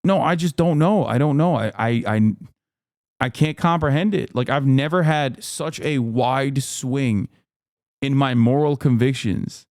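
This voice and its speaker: A man's voice: mid-range voice, measured pace, a little mellow, no room sound, clean studio sound. A man hosting a livestream, reading chat aloud and ranting in a heated, profane, exasperated way. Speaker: livestream host.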